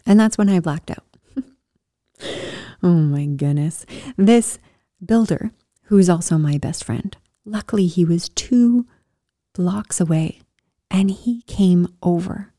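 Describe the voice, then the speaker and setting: A woman telling her own story in a casual, animated way, swinging from loud bursts to soft whispers. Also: lowish voice, unhurried, no echo, clean studio sound. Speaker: storyteller sharing a personal story.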